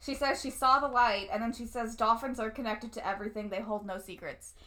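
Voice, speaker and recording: A woman's voice: on the high side, fairly even intonation, a little fast, sharp tone. A woman co-hosting a casual chat, retelling plot points with sarcastic, blunt asides. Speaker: co-host.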